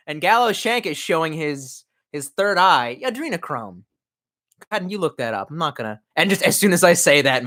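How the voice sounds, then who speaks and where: Reading chat comments aloud on his livestream, this young man is a little drunk, so his banter wanders and he curses a lot. He has a fairly high voice with a sharp tone.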